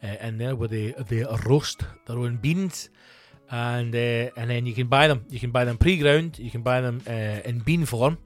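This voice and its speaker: A man's voice: medium pitch, moderate pace, soft background music. A Scottish comedian hosting his own podcast, talking alone in a loose, rambling, sweary, conversational way. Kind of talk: casual solo podcast chat.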